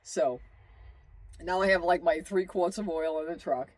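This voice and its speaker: A fairly high-voiced man tells a long road story in a loose, rambling way, full of asides and quoted exclamations. He sounds worn out. The recording is dry and close, with no room sound. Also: normal speed, no room sound. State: tired. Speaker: vlogger telling his travel story. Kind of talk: casual storytelling monologue.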